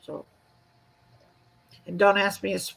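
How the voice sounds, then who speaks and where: A woman co-hosting a casual online chat show, talking in a relaxed, somewhat hesitant way. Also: mid-range voice, slow, gravelly, slightly rough, rough recording. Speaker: co-host.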